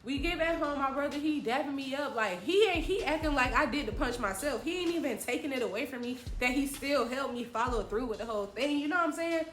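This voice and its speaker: A woman's voice: high-pitched, animated, fast, hardly any pauses, a bit bright. A young woman telling a dramatic, slangy story from her childhood in a vlog. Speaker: vlogger. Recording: echoey room with faint music.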